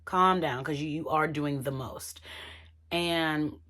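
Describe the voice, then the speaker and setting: A woman's voice: low-pitched, steady tone, slow pace, fairly bright tone. A woman giving a casual, chatty recap of a reality show, talking straight to her viewers. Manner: chatty, addresses viewers as y'all.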